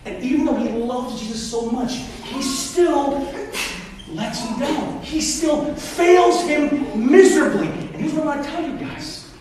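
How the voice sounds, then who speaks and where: A man's voice: very high voice, unhurried, crowd noise. A middle-aged man preaching a sermon as a pastor, telling stories with self-deprecating humor. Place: church auditorium. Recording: echoey hall, distant mic, faint noise.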